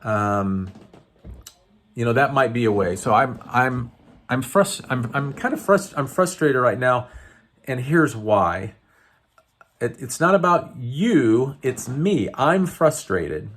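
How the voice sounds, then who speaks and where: Slow, halting man coaching. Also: medium pitch, animated, fairly bright tone. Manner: halting, many restarts and fillers, earnest. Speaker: wellness coach. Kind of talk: unscripted teaching to camera.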